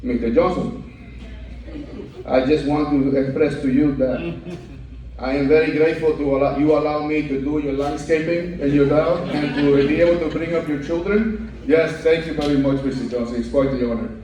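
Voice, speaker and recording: A man's voice: on the high side, fairly even intonation, normal speed, dark tone, voice pushed down, close to an everyday voice. A man voicing a humble, grateful male worker speaking formally and with deference. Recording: echoey club from far off.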